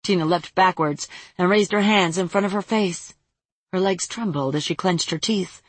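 Woman reading a fantasy story, steady, kinda husky, dry close mic. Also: lowish voice, normal speed, no echo. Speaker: narrator.

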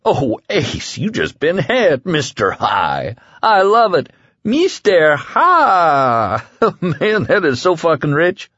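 Man doing a giggly man with a squealing falsetto. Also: expressive, extremely slow, fairly bright tone, no echo, highs cut off, full character voice. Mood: giggling. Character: giggling man teasing his friend.

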